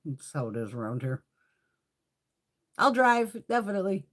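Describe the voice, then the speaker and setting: A woman's voice: lowish voice, sing-song, normal speed, fairly bright tone. A woman from the United States hosting a makeup livestream, chatting casually with viewers, blunt and laughing often, with heavy swearing. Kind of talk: casual livestream chat reading viewer comments.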